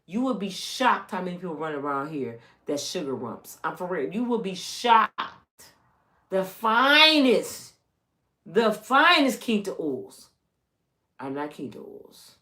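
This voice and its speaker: A woman's voice: low voice, lively intonation, normal speed, few pauses, a bit bright. A middle-aged woman from the United States chatting casually and teasingly as a channel host, drawling and chatty. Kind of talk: casual gossip commentary.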